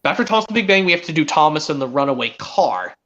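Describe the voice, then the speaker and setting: A man hosting a stream, chatting excitedly as a fan and rambling with frequent restarts. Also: fairly high pitch, quick pace. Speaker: stream host. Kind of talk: casual fan chat. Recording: dull lo-fi stream audio.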